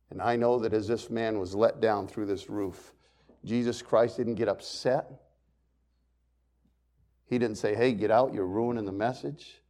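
A man pastor preaching a sermon, swinging between loud emphasis and quiet, hushed storytelling. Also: fairly low pitch.

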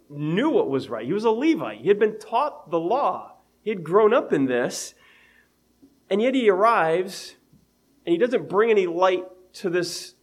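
A preacher whose voice is pitched a little high for a man delivers a sermon in an easygoing, conversational style. He reads old scripture aloud and chuckles at his own homely examples.

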